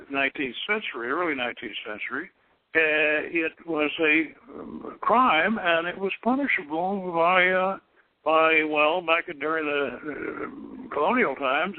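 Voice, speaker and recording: With a voice on the high side and no room sound, an older man runs a call-in radio show about occult philosophy. He rambles, repeats words while thinking aloud, and chuckles a lot, heard through dry, tinny, phone-like radio audio.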